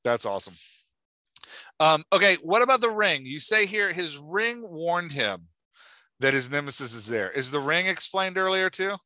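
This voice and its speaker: A man chats eagerly as a podcast host. His voice is bright and forceful, and the dry recording keeps it close and upfront. He talks fast and loose, full of fillers. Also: on the high side, very animated, no room sound. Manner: enthusiastic, chatty, lots of "like". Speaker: podcast host giving writing feedback. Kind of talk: casual chat.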